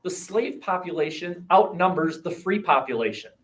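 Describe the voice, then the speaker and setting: A man's voice: high voice, normal speed. Guy teaching history class, bouncy voice, asks the kids stuff, far off echoey room mic. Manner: animated, thinking aloud, asks the class questions. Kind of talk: classroom lecture. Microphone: webcam across the room. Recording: roomy classroom picked up from a distance.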